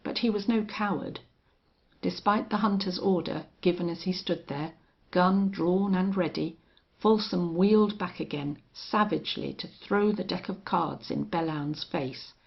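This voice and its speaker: Slow, gravelly woman reading an audiobook. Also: lowish voice. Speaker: audiobook narrator. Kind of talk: audiobook narration. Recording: dull lo-fi audio.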